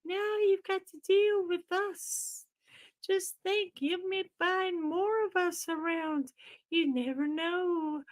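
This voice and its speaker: Woman doing a hushed, taunting toy villain. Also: very high voice, fairly even intonation, takes it slowly. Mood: menacing. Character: sneaky menacing toy villain.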